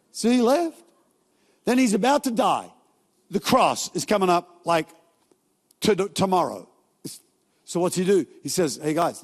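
Male pastor, fairly high voice, casual joking sermon delivery, recorded with long church-hall reverb. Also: a little mellow, breathy edge. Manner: casual, joking storytelling with quick asides.

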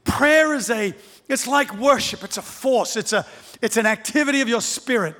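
Male preacher, high voice, animated sermon, long hall reverb. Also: moderate pace. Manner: animated, repeating phrases, rising to shouts.

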